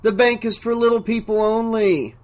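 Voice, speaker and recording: A man voicing an entranced bank manager who talks slowly in a dreamy, sing-song way, reading an audiobook. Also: high voice, fairly even intonation, a little mellow, voice pushed up, lightly acted. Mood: dreamy, grandiose. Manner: slow, sing-songy, dreamy.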